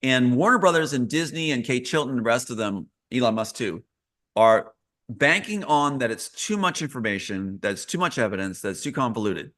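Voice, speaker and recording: A man's voice: medium pitch, animated, a little fast, a bit bright. A man as a live interview guest, talking earnestly and emphatically, repeating key phrases.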